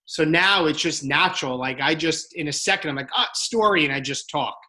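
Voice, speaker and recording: A man with a bright, ringing voice leads a casual team call. He talks candidly as a fitness coach, stringing his thoughts together in long run-on stretches. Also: a little high, a little fast.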